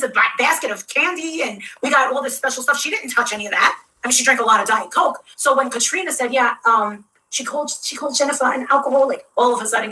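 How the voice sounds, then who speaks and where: A woman's voice: sits high, bright, forceful tone, far from the mic, a little hiss or hum, poor audio. A woman telling a heated, profane story to her audience, acting out what others said in shifting voices. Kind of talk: ranting storytime.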